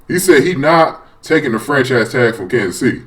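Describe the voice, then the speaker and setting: A man giving a casual, profane sports rant as a fan vlogger, rambling and excitable with many restarts. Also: mid-range voice, a little fast.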